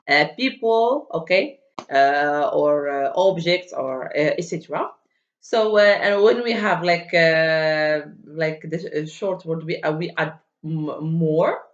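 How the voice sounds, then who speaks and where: A woman's voice: lowish voice, unhurried. A woman teaching an English grammar lesson, speaking with many hesitations and fillers and drilling word forms aloud. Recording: dull, echoey room.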